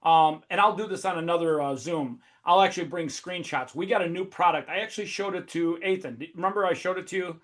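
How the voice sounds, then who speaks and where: High-pitched, fired-up swearing male host. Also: fast, few pauses, a bit bright. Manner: profane, high-energy, emphatic. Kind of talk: casual webinar talk.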